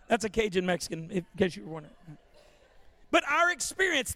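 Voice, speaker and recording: A man preaching a sermon as pastor, joking and animated, calling for congregation responses. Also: very high voice, normal speed, no room sound. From Louisiana.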